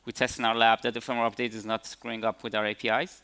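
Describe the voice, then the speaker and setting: A man's voice: mid-range voice, little pitch movement, fast, sharp tone, clear, resonant tone. A man answering audience questions after his conference talk, hesitant with many fillers and restarts. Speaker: conference speaker.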